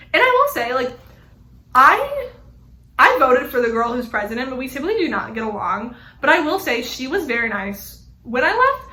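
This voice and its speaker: A young woman with a high, bright voice chats frankly to her camera, rambling and peppering her talk with fillers. The small room gives her voice a noticeable echo. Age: young adult. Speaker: vlogger. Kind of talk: casual chat to camera. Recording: echoey room.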